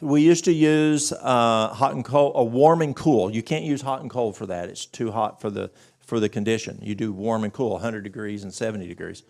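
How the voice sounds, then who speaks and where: Gravelly man telling a story at a church workshop. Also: medium pitch, moderate pace. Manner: animated storytelling, acts out dialogue. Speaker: health workshop presenter. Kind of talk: church health talk.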